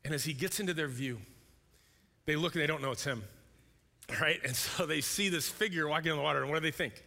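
Guy preaching in a church, chatty and animated, bright forceful voice, big echoey hall. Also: on the high side, fast talker, creaky. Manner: conversational, animated, acts out voices. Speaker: pastor. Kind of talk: sermon. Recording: long hall reverb.

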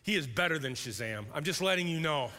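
A male pastor preaching a sermon in a conversational, animated way, sometimes acting out voices. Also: on the high side, fast. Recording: long hall reverb.

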